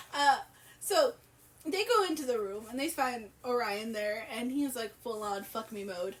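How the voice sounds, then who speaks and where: A woman's voice: a little high, slow, long pauses, a bit bright. A woman co-hosting a podcast, telling a story in a giggly, profane, rambling way. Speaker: podcast co-host. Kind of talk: casual storytelling chat.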